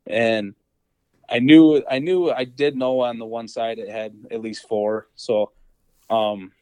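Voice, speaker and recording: A young man spins a hunting story in an easygoing, rambling way, leaning on fillers and playing out bits of dialogue. His voice sits in a medium pitch, recorded close and dry with no room around it. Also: steady tone, slow pace, dark tone, clear, resonant tone, no room sound, rough recording. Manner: rambling, many fillers and acted-out quotes. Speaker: podcast guest, deer hunter. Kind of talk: casual storytelling.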